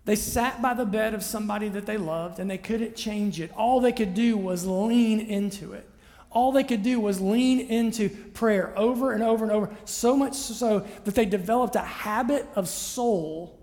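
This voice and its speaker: A man's voice: high voice, moderate pace, darkish tone. A man preaching a conversational sermon as pastor, often checking in with his listeners. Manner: chatty, checks in with listeners by asking "right?". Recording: long reverb of a large hall.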